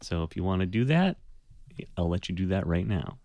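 A man narrating a tabletop game as game master, unhurried and descriptive. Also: low-pitched, big pitch swings, a little mellow, dry recording.

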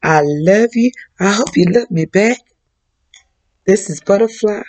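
Woman psychic reader, unhurried and drawn-out delivery, frank and plain-spoken, mid-pitched voice. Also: a little mellow. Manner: slow, drawn-out, blunt and frank with casual swearing. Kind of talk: relaxed spoken reading for viewers.

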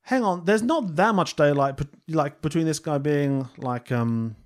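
A man's voice: a little high, a little slow. A man co-hosting a podcast, talking in a rambling, casual way with many fillers and frequent laughs. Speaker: podcast co-host. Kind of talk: casual film discussion chat.

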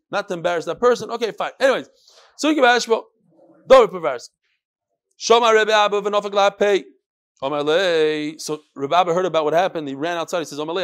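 High-voiced man teaching Talmud. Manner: animated storytelling, acts out the characters. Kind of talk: lively Talmud class, mixing Aramaic and English.

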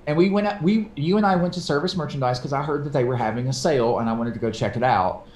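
A man telling a story in casual podcast chat, animated and swearing casually, acting out quoted voices. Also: medium pitch, quick pace, reverberant. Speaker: podcast co-host.

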